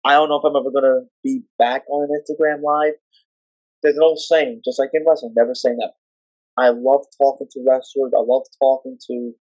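An excitable man chatting on a podcast, his voice jumping up into shrill shouts as he tells his stories. He is recorded close, with a dry sound. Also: no echo, poor audio. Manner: excitable, jumps into shrill shouting when retelling. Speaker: podcast guest. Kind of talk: casual chat.

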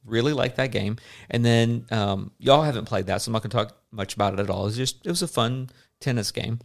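A man's voice: mid-range voice, fairly quick, vocal fry. A man in his thirties hosting a casual podcast chat as a dad, rambling with lots of fillers. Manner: rambling, chatty, many fillers.

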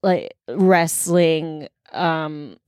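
A woman's voice: low voice, drawn-out words, a little mellow, clean tone, no room sound. Rambling woman in a dry recording. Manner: rambling, full of filler words and restarts; playful, guesses freely. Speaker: co-host. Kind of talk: casual chat.

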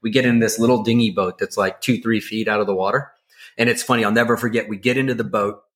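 A man co-hosting a podcast, telling a story in a casual, excitable, rambling way with lots of fillers. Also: lowish voice, fast talker. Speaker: podcast co-host.

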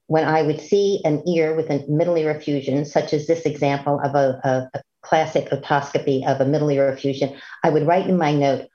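A woman's voice: deep voice, a little mellow. A woman physician giving an earnest, instructive medical lecture, with the odd filler and restart. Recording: dull lo-fi lecture recording.

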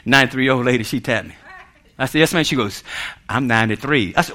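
A man's voice: medium pitch, quick pace, noisy background. A man preaching, telling funny stories with laughter and acting out the voices of people in them, then praying. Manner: animated, laughing, acts out voices in his stories. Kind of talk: storytelling sermon.

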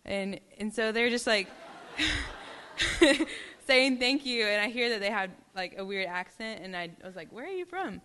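A woman from Texas shares a testimony story in a chatty, casual way, sprinkling in "like" and "um". Her voice sounds bright and sharp, with a smooth, crisp clarity. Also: mid-range voice, fairly even intonation, normal speed, few pauses. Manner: chatty, filler-heavy. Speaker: ministry team member.

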